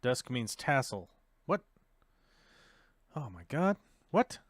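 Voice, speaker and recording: A man's voice: medium pitch, sing-song, slow pace, dry recording. A man hosting a casual livestream chat in a playful way, thinking aloud and joking at himself. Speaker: livestream host.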